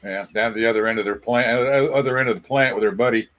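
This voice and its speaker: A man's voice: mid-range voice, quick pace, a bit bright. A man listening along in casual chat and agreeing with short remarks.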